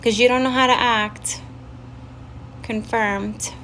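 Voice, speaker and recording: A young woman with a Staten Island New York accent, telling a story on a casual livestream, animated and swearing freely. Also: on the high side, takes it slowly, a little hiss or hum. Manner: chatty, animated, swears freely, breaks off to greet chat. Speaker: livestream host.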